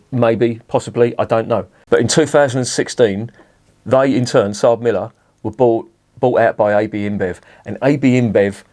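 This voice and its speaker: A man's voice: medium pitch, a little mellow. A middle-aged man, reviewing a beer in a casual, rambling monologue, swearing freely and breaking off into asides.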